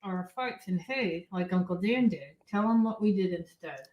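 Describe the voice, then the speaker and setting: A woman co-hosting a casual livestream, soft-spoken and brief. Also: on the low side, moderate pace, muffled recording. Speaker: co-host.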